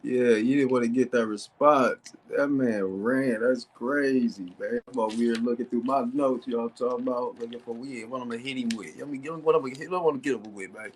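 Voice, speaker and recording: A man's voice: medium pitch, a little fast, hardly any pauses, slight background noise. Mocking man reading sources aloud. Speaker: debate streamer. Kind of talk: casual debate stream.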